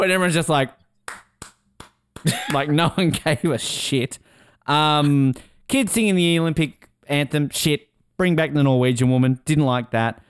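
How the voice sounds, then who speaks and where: Excitable man, smooth dry voice. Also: on the high side, moderate pace, no echo. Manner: excitable, swears, acts out quotes in voices. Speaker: podcast co-host. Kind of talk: casual chat.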